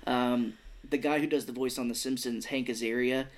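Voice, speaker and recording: A man's voice: mid-range voice, fairly even intonation, normal speed. A man in his thirties co-hosting a casual movie podcast, joking and acting out lines in silly voices. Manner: laughing, jokey, acts out movie lines in voices. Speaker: podcast co-host. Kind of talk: casual movie recap chat.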